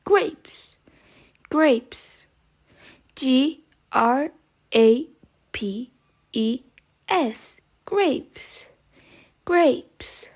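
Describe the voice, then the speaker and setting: A woman's voice: high voice, expressive, drawn-out words, long pauses. A woman teaching English vocabulary, saying each word several times and spelling it out letter by letter. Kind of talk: vocabulary lesson, slow spelling drills.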